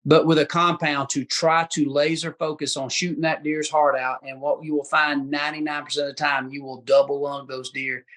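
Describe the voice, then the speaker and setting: A man's voice: on the high side, level tone, moderate pace, few pauses, fairly bright tone. Folksy hunter man chatting. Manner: folksy, gives advice, says dude and bro. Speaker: guest hunter. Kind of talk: casual chat.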